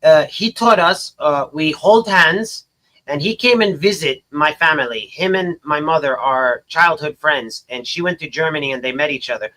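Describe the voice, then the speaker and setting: High, bright-voiced American man. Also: moderate pace. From United States. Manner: animated, exclaiming and storytelling. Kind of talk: casual podcast chat.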